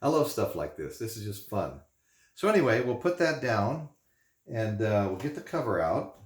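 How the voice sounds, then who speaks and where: Rambling man with a low voice. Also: big pitch swings, normal speed. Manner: rambling, chuckling, fillers. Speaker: vinyl unboxing host. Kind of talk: casual storytelling. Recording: echoey room.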